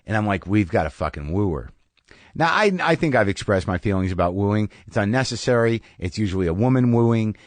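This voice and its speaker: A middle-aged man spins a wry, profane story into a studio mic, his voice dry and close with no room around it. He talks casually as a podcast host, dropping into sudden high yelps to mock people. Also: lively intonation, brisk, dry recording.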